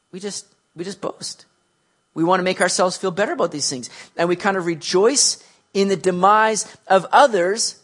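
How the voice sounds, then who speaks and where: Male preacher with a high voice, chatty sermon, animated. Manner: conversational, animated, with frequent restarts.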